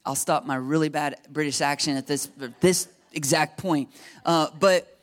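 High-voiced animated male preacher. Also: unhurried. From United States. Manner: animated, joking, keeps checking in with the crowd. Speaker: pastor. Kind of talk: sermon.

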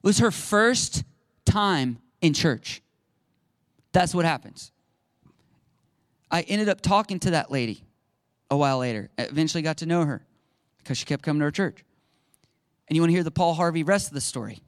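A male pastor preaching a sermon and telling stories in an animated, conversational way. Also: a little high, normal speed, pauses often, no room sound, clean studio sound. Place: church sanctuary.

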